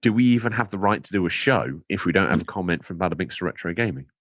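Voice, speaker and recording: A man's voice: low voice, lively intonation, quick pace, fairly bright tone, no room sound, clean studio sound. A man co-hosting a podcast in casual chat, playful and rambling, drifting into absurd jokes. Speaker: podcast co-host.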